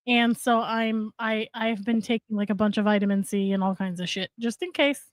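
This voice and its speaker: A woman's voice: a little high, fairly even intonation, moderate pace, dry recording. A woman co-hosting a casual podcast, enthusiastic and swearing freely. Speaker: podcast co-host. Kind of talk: casual chat.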